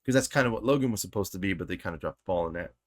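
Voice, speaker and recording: Excited low-voiced man chatting about movies. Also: rapid-fire, dry recording, clean studio sound. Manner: excited, swears freely, many fillers. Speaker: podcast co-host. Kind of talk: casual movie chat.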